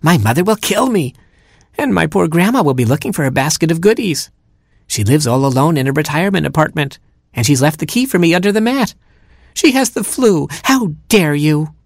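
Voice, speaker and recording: A man's voice: on the high side, animated, moderate pace, slightly rough, no room sound, clean studio sound, pitched above the performer's own voice. A man voicing an eager young boy playing superhero in a storybook reading, melodramatic and earnest. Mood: indignant.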